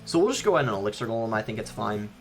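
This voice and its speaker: A man's voice: fairly low pitch, big pitch swings, very fast, faint music behind. A young man casually commenting on his own gameplay as he plays, thinking aloud with frequent ums. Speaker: gaming YouTuber.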